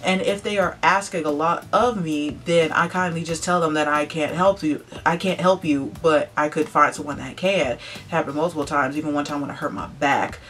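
A young woman vlogger tells a casual storytime, chatty and loaded with "like" and "blah blah blah," animatedly acting out what other people said. Her voice is low-pitched, and she talks fairly quickly with few pauses.

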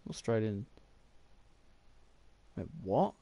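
A man's voice: on the low side, big pitch swings, very slow, gravelly, warm tone, breathy edge, no echo, highs cut off. A young man, rambling through casual gameplay commentary while thinking aloud with lots of fillers. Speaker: gaming YouTuber.

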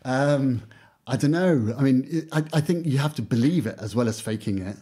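A man's voice: mid-range voice, normal speed, mellow, breathy edge. A man who teaches English, talking casually in an interview and acting out classroom exchanges, with lots of "you know" fillers.

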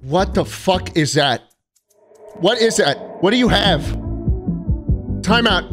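A man streaming, reacting to clips with loud, incredulous, swearing commentary. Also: sits high, animated, takes it slowly, over music.

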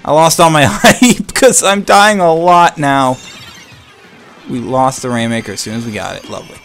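A young man giving live gameplay commentary, excitable and swinging between hype and frustrated ranting. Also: medium pitch, normal speed, faint music behind. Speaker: gaming channel host.

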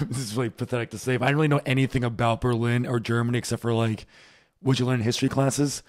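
A man from Rhode Island, a guest in a casual chat who talks quickly and agreeably, with lots of fillers. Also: medium pitch, fairly even intonation. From Rhode Island, United States. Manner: quick, agreeable, uses fillers like um and you know. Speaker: podcast guest.

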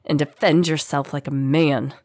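A woman's voice: sits low, fairly even intonation, moderate pace, darkish tone, no room sound, clean studio sound. A woman voicing a fierce, proud female angel warrior who speaks in a defiant, strained way.

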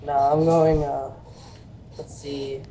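Mellow, low-key gamer woman. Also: flat delivery, slow pace, a little hiss or hum. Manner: terse, laid-back short replies. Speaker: gaming partner. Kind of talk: casual gameplay chat.

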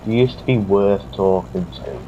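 A man's voice: lowish voice, moderate pace, warm tone, muffled recording, slight background noise, natural voice. A man reading as a bitter young woman. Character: bitter sardonic young woman, tired and blunt.

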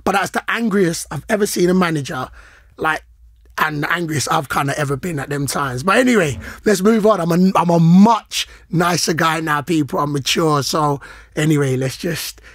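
A middle-aged man, co-hosting a podcast in casual chat, animated and slangy, acting out the people in his stories. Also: fairly high pitch, normal speed, no room sound, studio quality. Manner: animated, slangy, acts out quoted lines. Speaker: podcast co-host, former footballer.

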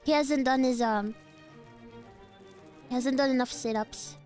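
A young-sounding woman with a high voice chats casually while streaming a game. She rambles playfully, jumping from topic to topic with frustrated outbursts. Faint game music plays underneath. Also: a little slow, a little mellow. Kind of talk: casual gaming livestream chat.

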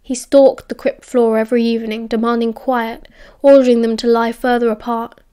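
A young woman with a British accent narrates an audiobook in a steady, even reading voice. Her tone sits a little high and stays measured, line after line.

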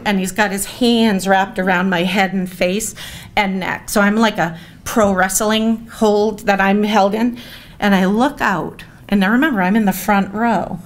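A woman in her forties tells a family story at a gala, full of audience asides and self-mocking humor. Her voice sits at a medium pitch, and her delivery is lively and conversational. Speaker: speaker at a gala. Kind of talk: storytelling speech. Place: event hall.

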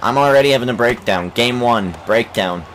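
A young man giving let's play commentary on a baseball game, swearing and shouting in frustration at his team. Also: mid-range voice, brisk, slight background noise, rough recording. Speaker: gaming channel host.

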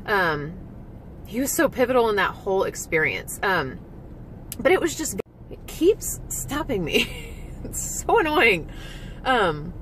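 Speaking at a medium pitch in a slightly bright voice, a woman who used to compete in physique shows vlogs openly about that experience. She's emotional and blunt, swears occasionally and uses "like" a lot. The low-quality audio carries a little hiss or hum.

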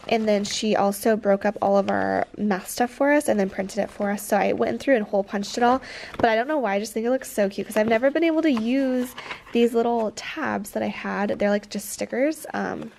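Her voice is fairly high, gravelly and darkish, and she talks fairly quickly, with a bit of hiss or hum in the audio. This young teacher in her twenties chats cheerfully in a classroom vlog, using many fillers while her allergies leave her nose blocked.

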